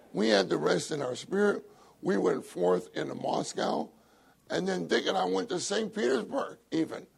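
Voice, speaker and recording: Gravelly older man telling a church story. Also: a little high. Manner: animated storytelling, laughing often. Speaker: church speaker. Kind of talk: anecdotal sermon story.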